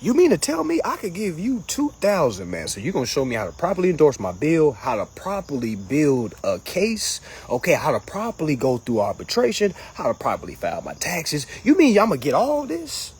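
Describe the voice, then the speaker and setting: A man hosting a casual livestream, answering comments in an animated, mocking way that swings between loud jokes and low asides. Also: fairly quick, hardly any pauses, slightly rough. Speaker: livestream host reading comments.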